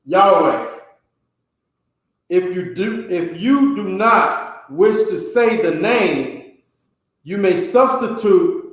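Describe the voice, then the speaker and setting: A man teaching a class, reading a text aloud and explaining it, often checking with a quick "okay?". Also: a little high. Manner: slow, ends phrases with a checking "okay?". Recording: very echoey room.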